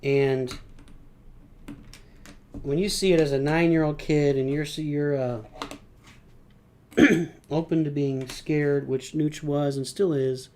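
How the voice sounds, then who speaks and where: A man's voice: on the high side, fairly even intonation, slow pace, pauses often, a little mellow, a little hiss or hum. A middle-aged man streaming live, chatting casually as he builds and referring to himself in the third person. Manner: rambling, talks about himself in third person.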